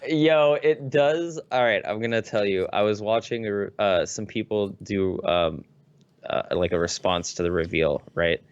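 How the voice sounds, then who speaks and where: A man co-hosting a podcast in casual chat, swearing a lot and getting excitable as he tells stories. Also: low-pitched, moderate pace, clean tone, dry recording, dull audio. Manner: profane, excitable storyteller. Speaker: podcast co-host.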